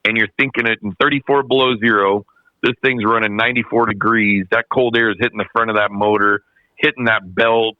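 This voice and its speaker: A man, a podcast guest, telling a racing story in casual, animated, slangy chat, often repeating himself. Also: on the low side, a little fast, dry recording. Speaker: podcast guest, snowmobile racer. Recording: dull dry podcast audio.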